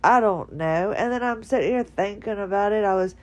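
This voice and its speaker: A tired woman talks from her bedroom in a rambling, halting monologue full of restarts. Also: mid-range voice, a little mellow. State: tired, drowsy. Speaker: podcaster. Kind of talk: casual personal monologue.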